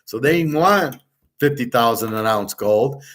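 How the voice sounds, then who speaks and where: A man's voice: medium pitch, expressive, measured pace, a bit bright. A middle-aged man hosting a betting and economics class, talking in a blunt, profane, rambling rant and lecturing listeners as his students. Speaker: host.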